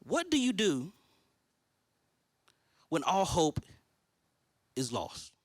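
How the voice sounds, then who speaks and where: A man's voice: high-pitched, wildly swooping pitch, extremely slow, dry recording. A man in his thirties preaching a sermon from a church stage, telling his own story and acting out his prayers. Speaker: pastor.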